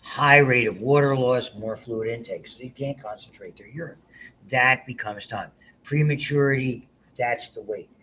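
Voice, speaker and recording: A man's voice: medium pitch, moderate pace, pushed and bright, low-quality recording. Older guy lecturing a class, loose and rambly, faint hiss behind him. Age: about 70. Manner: rambling, conversational, many restarts and asides. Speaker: biology lecturer.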